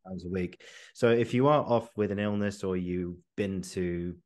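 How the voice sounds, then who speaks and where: A man hosting a podcast, asking rambling, relaxed questions full of fillers. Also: low voice, moderate pace. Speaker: podcast host. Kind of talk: casual interview.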